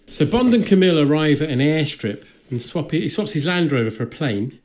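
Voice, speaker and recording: Dry, sardonic podcast host. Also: male voice, on the high side, sing-song, fairly quick, a little mellow, faint music behind. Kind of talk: comedic film recap.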